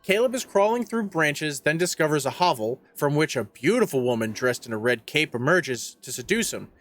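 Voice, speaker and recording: A man's voice: a little high, lively intonation, moderate pace, a bit bright. A man co-hosting a podcast, recapping a film's plot in casual, profane chat. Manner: recaps plot, swears, acts out quotes. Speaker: podcast co-host.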